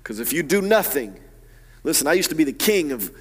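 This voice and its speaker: A man preaching a sermon as pastor, animated and swinging from hushed, low asides to loud, emphatic peaks. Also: fairly quick, slightly rough, long reverb tail.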